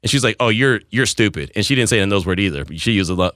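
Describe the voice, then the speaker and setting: A man's voice: sits low, very fast, a bit bright, no echo, clean studio sound. A man hosting a radio show, telling a rambling story in casual banter and laughing at himself.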